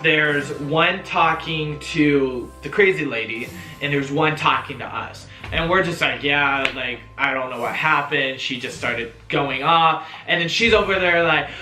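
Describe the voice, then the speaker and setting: A young man telling a story-time vlog in a chatty, animated way, full of fillers and swearing. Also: fairly high pitch, measured pace. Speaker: vlogger. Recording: roomy echo, faint music.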